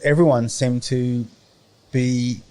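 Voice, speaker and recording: A middle-aged Australian man chatting as a podcast guest, rambling and often pausing to search for words. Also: mid-range voice, fairly even intonation, warm tone. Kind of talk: casual conversation.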